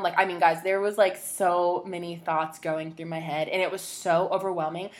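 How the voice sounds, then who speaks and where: A young woman hosts her podcast with a slightly low voice. She tells a personal story in a rambling, emotional way, full of "like" and restarts. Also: level tone, a little slow, few pauses. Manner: rambling, emotional, heavy use of "like". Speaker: podcast host.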